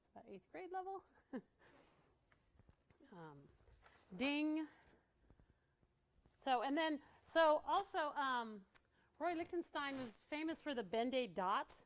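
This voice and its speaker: A woman's voice: high voice, very animated, a little slow, long pauses. A woman giving a casual training talk to art teachers, chatty and laughing often as she acts out what kids say.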